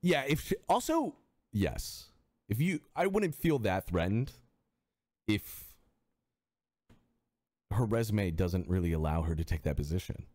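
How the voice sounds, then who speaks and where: A male streamer in casual chat, animated, swearing freely and often restarting his sentences. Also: on the low side, measured pace, long pauses.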